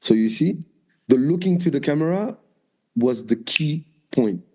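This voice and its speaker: At a measured pace, a Frenchman with a French accent and a voice on the high side tells stories as a guest dancer in a casual interview, with slight background noise. He's animated and acts out quotes in raised voices.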